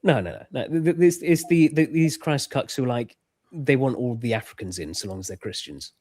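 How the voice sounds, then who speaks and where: A man's voice: medium pitch, lively intonation, a little fast, dark tone, no echo, studio quality. A man on a podcast, talking in a casual, hesitant way with many fillers and restarts. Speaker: podcast co-host. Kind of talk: casual political chat.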